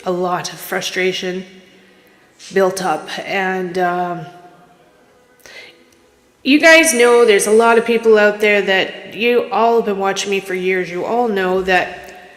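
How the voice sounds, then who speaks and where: Woman medium from Canada, mid pitch, rambling and emotional; casual livestream, roomy reverb. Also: slow, long pauses, fairly bright tone. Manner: rambling, candid, emotional, restarts. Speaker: psychic medium streamer. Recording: echoey room with long reverb.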